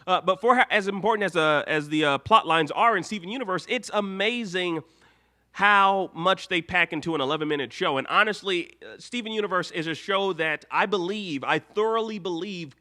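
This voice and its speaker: A man's voice: sits high, pushed and bright. A man hosting a live cartoon-commentary stream, rambling and correcting himself, now and then breaking into mock outrage. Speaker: live show host.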